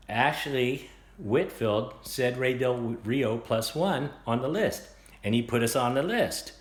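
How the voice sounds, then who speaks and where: Man, casual, rambling, animated storyteller, home workshop, roomy sound, mid pitch. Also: unhurried. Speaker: vlogger showing his guitars. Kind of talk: casual storytelling and show-and-tell. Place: room at home, guitar workshop.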